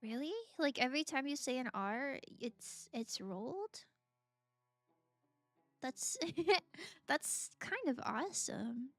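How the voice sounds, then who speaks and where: A woman's voice: high voice, lively intonation, slow pace, long pauses, fairly bright tone, no room sound, soft background music. A young woman streaming a game, chatting casually with viewers, gushing and giggling often. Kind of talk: casual gameplay chat, reacting to viewers.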